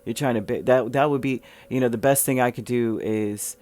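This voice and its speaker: A man's voice: mid-range voice, steady tone, normal speed, darkish tone. A man talks his way through a tarot reading in a loose, rambling monologue. His voice sits in a middle register for a man, and he keeps circling back with fillers and restarts as he explains the cards. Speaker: tarot reader.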